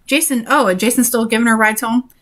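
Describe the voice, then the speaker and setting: A woman's voice: fairly high pitch, steady tone, fast talker, a bit bright. Sarcastic woman reading a story aloud. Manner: sarcastic, frank, swears. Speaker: reader and commentator.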